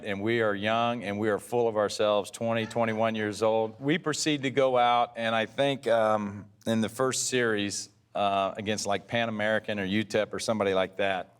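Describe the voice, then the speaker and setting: A man in his sixties, a former pitcher, telling rambling stories in a casual interview and often correcting himself mid-sentence. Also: smooth. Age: 60s. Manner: rambling, self-correcting storyteller.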